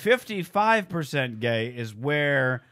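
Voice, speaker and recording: A man's voice: medium pitch, very animated, slow, a bit bright. A man guesting on a comedy podcast, telling rambling stories and laughing often in casual chat.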